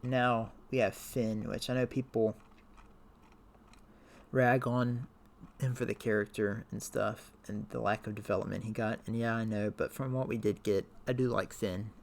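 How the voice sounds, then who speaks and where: A man's voice: on the low side, steady tone, moderate pace, creaky, slight background noise. A man casually talking through his character rankings, hesitant and full of fillers, tired and a little worn out. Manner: rambling, hesitant, many fillers. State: tired, voice wearing out. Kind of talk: casual talk to camera.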